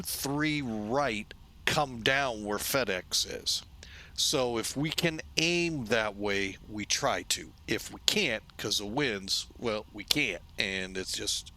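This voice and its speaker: A man's voice: mid-range voice, pushed and bright, slight background noise. A man from St. Louis hosting a flight-sim video, narrating casually with rambling asides, jokes and self-corrections. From St. Louis, USA.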